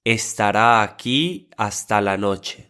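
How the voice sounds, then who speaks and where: A low-voiced man with a bright, smooth tone reads example sentences for learners. He speaks very slowly and carefully, often saying each line twice. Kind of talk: slow model pronunciation.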